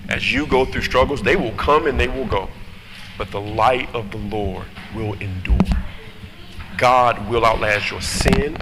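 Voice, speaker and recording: A male pastor delivering a sermon with animated rhetorical questions. His mid-pitched voice echoes through a long church-hall reverb. A steady background noise sits under every word.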